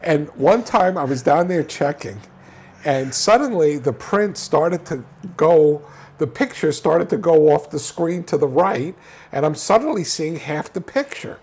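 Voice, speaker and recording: A man with a gravelly, husky voice that sits a little high. He tells his story animatedly, doubling back on his words and restarting his sentences. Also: unhurried. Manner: animated, repeats words, restarts, laughs while telling stories. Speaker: filmmaker guest. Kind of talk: casual storytelling interview.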